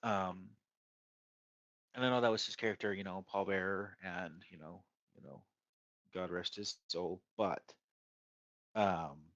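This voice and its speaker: A man's voice: sits low, fairly even intonation, a little slow, long pauses, fairly bright tone, dry recording, lo-fi sound. A man co-hosting a casual wrestling chat, rambling with lots of fillers and restarts. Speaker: podcast co-host.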